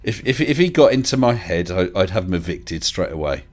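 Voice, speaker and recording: A man hosts a casual live stream in a fairly low voice whose pitch rises and falls a great deal. He talks in a chatty, hesitant way, restarting his sentences and chuckling. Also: very animated, a little fast. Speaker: livestream host.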